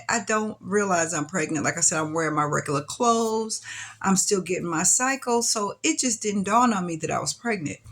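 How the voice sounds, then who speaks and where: A young adult woman telling her own life story in an interview, chatty and loose, rising much higher when she quotes her younger self. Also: a bit bright. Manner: loose, chatty, many fillers and restarts. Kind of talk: personal storytelling.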